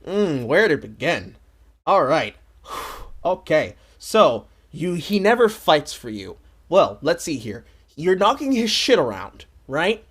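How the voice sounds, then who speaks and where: A woman's voice: low voice, slow pace, breathy edge. A woman hosting a stream, ranting sarcastically and profanely in a comedic commentary. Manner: animated, sarcastic rant with voices. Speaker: streamer host.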